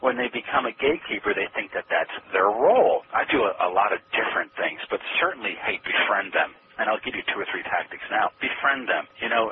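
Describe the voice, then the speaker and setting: A man giving sales advice in a radio interview, animated and acting out phone calls, heard through noisy lo-fi phone-like audio. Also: on the low side, quick pace, few pauses. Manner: animated, acts out phone calls in quoted voices. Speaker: sales trainer guest.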